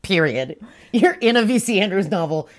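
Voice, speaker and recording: A woman recapping a novel for her co-host in a lively, swinging voice. She narrates with gusto and drops into quick acted-out lines for the characters. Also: medium pitch. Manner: animated storyteller, acts out quotes. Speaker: podcast co-host. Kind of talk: casual book discussion.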